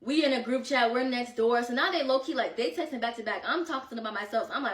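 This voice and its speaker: Animated woman telling a story in an echoey room. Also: fairly high pitch, fast, hardly any pauses, recorded from a distance. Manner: animated, slangy, quoting friends in bursts. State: out of breath. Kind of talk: casual storytime. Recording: echoey room, voice set back from mic.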